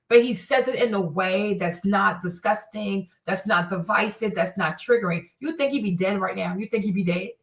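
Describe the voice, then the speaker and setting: A woman's voice: on the high side, a bit bright. A woman streamer ranting on a livestream and answering her chat, profane, combative and mocking. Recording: roomy echo, distant from mic.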